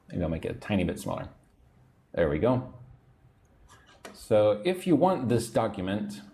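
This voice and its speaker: Man, English teacher, livestream lesson, animated pitch, chatty, reads comments, slow drills.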